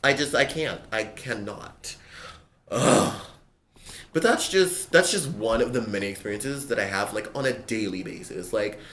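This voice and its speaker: A gender-fluid vlogger with a man's voice, ranting to camera in a casual, animated and exasperated way, swearing often. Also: fairly low pitch, a little slow. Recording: echoey room with faint ambience.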